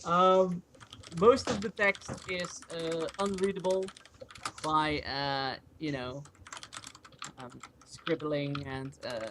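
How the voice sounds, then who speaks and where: Halting game master narrating a tabletop game. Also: medium pitch, background noise. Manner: hesitant, many ums and uhs. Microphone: online voice chat mic.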